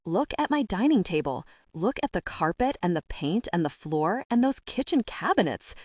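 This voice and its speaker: A woman's voice: medium pitch, big pitch swings, moderate pace, darkish tone, no room sound, clean studio sound. A woman reading the part of an overwhelmed young single mother who rambles and frets through tears. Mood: insistent. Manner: rambling, tearful, upset.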